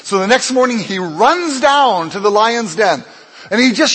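A man pastor preaching a sermon, telling a Bible story with lively acted-out dialogue. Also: unhurried, breathy edge. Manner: animated storytelling, acts out dialogue with swings in pitch and loudness. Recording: long hall reverb.

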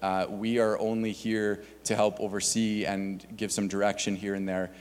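Casual church guy reading out announcements, lots of uhs, deep-ish voice, echoey sanctuary. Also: little pitch movement, normal speed, a little mellow, slight background noise. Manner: casual, many filler words. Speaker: church staff pastor. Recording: long hall reverb.

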